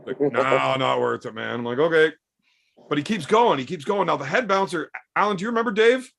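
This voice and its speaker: A man spins rough, profane stories in a relaxed podcast chat. His voice sits a little high and has a gravelly fry, and he slips into the voices of the people he describes. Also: fairly quick. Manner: animated, acts out quoted voices. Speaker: podcast storyteller. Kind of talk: casual profane storytelling.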